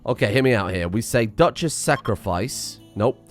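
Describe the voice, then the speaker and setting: A man giving excitable, self-mocking commentary while playing a game, thinking aloud and swearing. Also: mid-range voice, normal speed, soft background music. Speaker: gaming streamer. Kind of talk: casual gameplay commentary.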